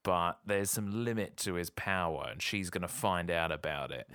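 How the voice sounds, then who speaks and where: A podcast co-host in casual chat, musing aloud and speculating about where a story is heading. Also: male voice, low-pitched, normal speed, bright, forceful tone, smooth, dry recording, studio quality. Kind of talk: casual chat, guessing plot.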